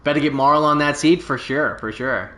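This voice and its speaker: A man's voice: a little high, moderate pace, sharp tone. A man voicing a boastful, laid-back stranded alien pilot from a video game, telling his tale in a folksy, drawling way. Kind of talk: reading game dialogue aloud. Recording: roomy echo.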